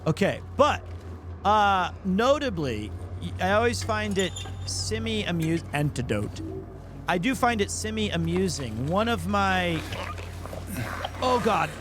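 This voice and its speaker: A male streamer talks through his game in a high, unhurried voice, teasing his chat and laughing at his own jokes. The casual commentary sits over a clear bed of background noise. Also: very animated, fairly bright tone. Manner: joking, teasing, laughs often.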